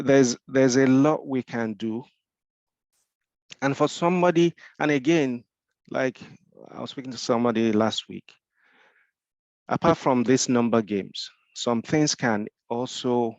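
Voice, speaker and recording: A man with a Nigerian accent speaks as a mentor in a Q&A discussion, his voice gravelly with fry. He explains step by step, asks rhetorical questions and often restarts his sentences. The recording is dull and lo-fi, with a dry, close sound. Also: mid-range voice, slow, long pauses, no echo.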